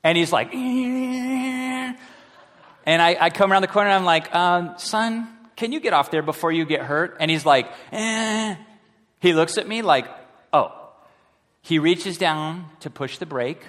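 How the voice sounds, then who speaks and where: A man, a high school pastor, preaching a sermon as an animated story, acting out the voices of the people he quotes. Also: moderate pace. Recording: long hall reverb.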